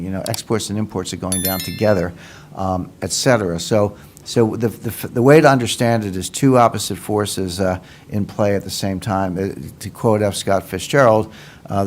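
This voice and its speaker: A man's voice: fairly low pitch, slight background noise. Confident man explaining economics. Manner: confident, emphatic, uses analogies and repeats points. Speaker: economics commentator. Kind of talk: explanatory talk.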